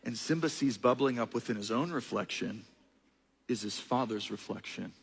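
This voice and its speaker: A young man preaching a sermon, telling a story in an animated, playful way. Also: mid-range voice, normal speed, creaky, husky, in a large hall.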